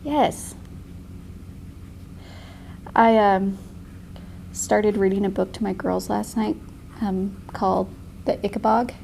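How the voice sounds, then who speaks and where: A woman in her thirties teaching a painting class, chatty and quick to laugh. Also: mid-range voice, fairly even intonation, vocal fry, mellow, slight background noise. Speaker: painting instructor. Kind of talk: casual tutorial.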